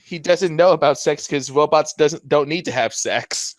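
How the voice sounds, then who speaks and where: A man's voice: fairly high pitch, moderate pace. Joking young man on a group podcast. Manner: joking, rambling, enthusiastic. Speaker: podcast co-host. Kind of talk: casual group chat.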